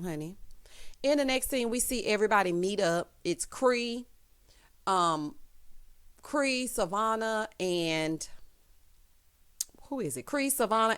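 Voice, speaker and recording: A woman giving a casual, sassy recap of a reality TV episode, with animated asides. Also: mid-range voice, clear, resonant tone. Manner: sassy, animated, with frequent exclamations. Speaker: TV recap vlogger.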